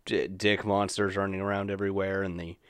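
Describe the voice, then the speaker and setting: A man's voice: low-pitched, level tone, fairly quick, a bit bright, smooth, no echo, clean studio sound. A young man in casual chat, crude and joking, laughing a lot.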